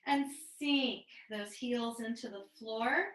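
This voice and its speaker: A woman leads a mat pilates class over a video call, her voice bright and fairly high. She cues each move and breath in a calm, step-by-step way, and the sound comes through a roomy, echoey space. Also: slow. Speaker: pilates instructor. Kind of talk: cueing a live online mat class.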